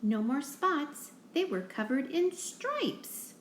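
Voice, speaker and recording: Woman, reading picture book to kids, rhythmic, slow, lively pitch, echoey room. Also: a little hiss or hum. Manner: rhythmic, questions the listener. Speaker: reader. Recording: roomy echo.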